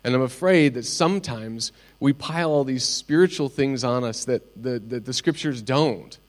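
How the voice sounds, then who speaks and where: A middle-aged man delivers a sermon in an earnest, personal way, pausing as he tells his own stories. His voice sits at a middling pitch. A faint hum runs under the recording. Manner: earnest, personal storytelling with pauses. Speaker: pastor.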